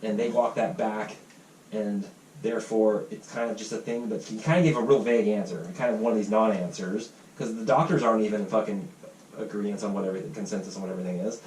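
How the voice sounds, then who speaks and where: Fast-talking man in a roomy podcast room. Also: fairly low pitch, steady tone, a little mellow, slight background noise. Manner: fast, heated storytelling with quoted voices and swearing. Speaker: podcast host. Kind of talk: casual podcast chat. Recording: roomy, distant mic with faint ambience.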